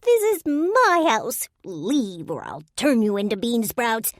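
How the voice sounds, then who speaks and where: A woman voicing a small, bratty woodland fairy with a shrill, nasal voice. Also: sing-song, slow pace, no room sound, clean studio sound. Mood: indignant. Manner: shrieking, whiny and insulting.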